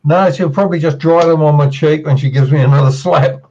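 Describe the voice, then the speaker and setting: A man's voice: fairly high pitch, steady tone, fairly quick, dark tone. Wisecracking man on a stream. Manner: dry wisecracks, reads chat. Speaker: livestream co-host. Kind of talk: casual profane banter. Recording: slightly muffled with faint noise.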